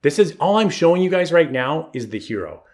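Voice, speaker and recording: A man coaching photographers in a live online webinar, energetic and encouraging, with tough-love advice and chat shout-outs. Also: fairly high pitch, brisk. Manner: reads chat comments aloud. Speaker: marketing coach. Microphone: online video call.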